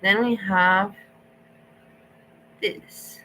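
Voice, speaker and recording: A woman's voice: mid-range voice, fairly even intonation, very slow, pushed and bright, slight background noise, poor audio. A woman hosting a casual livestream, greeting viewers and ranting in a chatty, mocking way. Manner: chatty, mocking, exasperated rants. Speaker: livestream host. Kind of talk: casual chat with live chat viewers.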